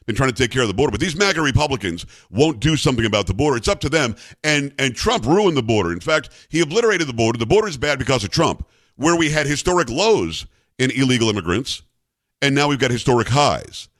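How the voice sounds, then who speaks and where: A man hosting a political commentary show, talking in a sarcastic, animated way. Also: medium pitch, fast talker, dry recording, clean studio sound. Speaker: talk show host.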